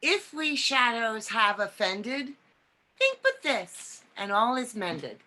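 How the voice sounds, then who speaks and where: A mischievous fairy sprite, read by a woman over a video call. The verse comes slow and measured, each line given room. The tone is bright and clear. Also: mid-range voice.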